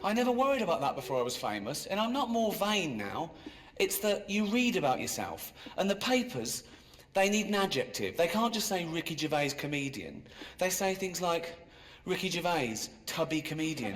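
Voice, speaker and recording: A man doing stand-up in a dry, self-mocking way that jumps into high, exasperated squeals. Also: sing-song, moderate pace, hardly any pauses, a bit bright. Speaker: stand-up comedian. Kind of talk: stand-up routine. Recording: live comedy club with crowd laughter. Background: audience laughing.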